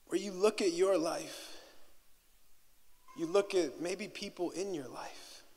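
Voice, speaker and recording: Male pastor with a very high voice, preaching in a church with long reverb. He drops to hushed reflection, then builds to loud preaching with repeated words. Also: slow. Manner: repeats words and restarts phrases. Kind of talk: sermon. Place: church sanctuary.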